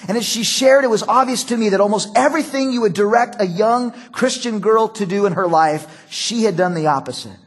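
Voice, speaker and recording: A man's voice: sits high, fairly quick, hardly any pauses, breathy edge. A middle-aged male pastor preaching a sermon in a conversational, storytelling way. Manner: conversational, storytelling with acted quotes.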